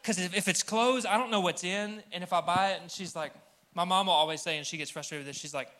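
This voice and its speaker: A man's voice: high-pitched, fast talker, pushed and bright. A young man preaching a sermon to a live congregation in a church, humorous and conversational, speaking straight to the crowd. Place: church hall with audience.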